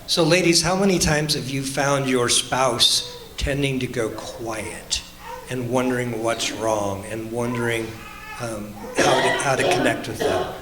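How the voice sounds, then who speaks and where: A man's voice: mid-range voice, unhurried. A middle-aged man co-teaching a church marriage class, chatting casually and tossing questions to the audience. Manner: conversational, asks the audience questions, frequent "right?". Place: church meeting room. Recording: echoey room.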